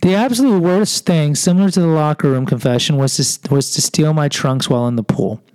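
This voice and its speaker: With a fairly high, somewhat fast delivery that's a little mellow, clear and resonant, a podcast host from Houston, Texas shares a personal tale at his own expense, acting out others' words. There's no room sound, though the recording is rough.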